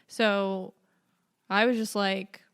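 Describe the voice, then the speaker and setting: A young woman co-hosting a casual podcast. She agrees often with quick yeahs and laughs easily. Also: mid-range voice, flat delivery, a bit bright, clean tone. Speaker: podcast co-host. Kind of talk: casual chat.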